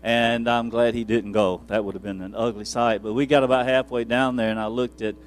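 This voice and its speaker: A man's voice: mid-range voice, flat delivery, brisk. A man preaching as a pastor, telling rambling, self-deprecating stories from the pulpit with frequent chuckles. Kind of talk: folksy storytelling from the pulpit.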